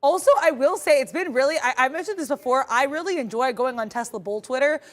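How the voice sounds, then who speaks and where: A woman's voice: high-pitched, fast talker. A young woman co-hosting a live day-trading stream, talking in a chatty, enthusiastic way. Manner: chatty, enthusiastic, many fillers and restarts.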